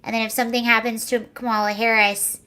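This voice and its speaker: A woman's voice: on the high side, little pitch movement, quick pace, bright, forceful tone. A young woman hosting a casual livestream, chatting sarcastically, laughing often and answering viewer comments. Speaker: livestream host.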